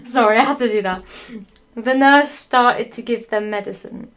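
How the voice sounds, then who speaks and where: A woman reading a badly written story aloud for comedy, breaking off for sarcastic, sweary asides, laughing and clearing her throat often. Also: fairly high pitch, normal speed, a bit bright. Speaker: fanfiction reader.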